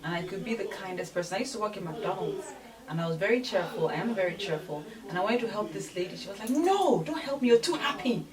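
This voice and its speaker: A woman from Nigeria, a guest in an interview, telling stories with animated delivery and acting out what other people said. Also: fairly low pitch, quick pace. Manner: animated storytelling, acts out other people's voices. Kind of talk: candid interview conversation. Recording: distant mic with crowd noise.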